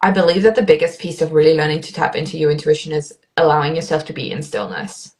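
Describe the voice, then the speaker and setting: A young adult woman, a coach, talking casually in an interview, animated and blunt, swearing for emphasis. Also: low-pitched, quick pace, rough recording. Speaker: coach, podcast guest.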